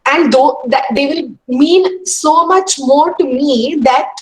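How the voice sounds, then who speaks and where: A woman's voice: high-pitched, slow, low-quality recording. A woman voicing a stubborn ten-year-old girl who insists she wants books instead of earrings in a story she tells students. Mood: insistent. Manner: pleading, insistent.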